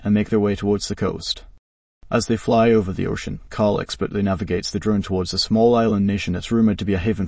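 Guy reading a story out, gravelly voice, dry flat read. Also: fairly low pitch, no room sound, distant mic. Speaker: narrator. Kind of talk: scripted story narration.

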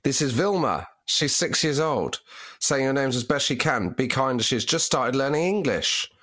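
Lively man with dry, teasing banter. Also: medium pitch, normal speed. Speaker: podcast co-host. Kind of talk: casual comedic chat.

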